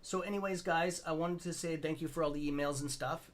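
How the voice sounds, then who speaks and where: A man's voice: on the high side, steady tone, a little fast. A middle-aged Canadian man hosting a stock trading livestream, rambling loosely and greeting viewers by name in a friendly, casual way.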